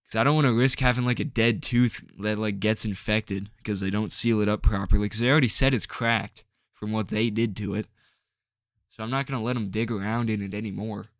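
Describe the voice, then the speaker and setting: A man's voice: on the low side, fairly even intonation, brisk, no room sound, clean studio sound. A man ranting to camera in a rambling, frustrated way, full of filler words and restarts. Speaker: vlogger.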